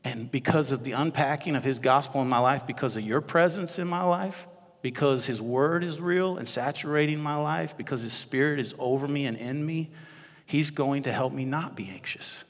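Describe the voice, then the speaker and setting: A male associate pastor with a Midwestern American accent preaches a sermon in a conversational, animated way, chatting with the congregation between readings. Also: mid-range voice, moderate pace. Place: church sanctuary. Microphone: lapel mic. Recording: long reverb of a church hall.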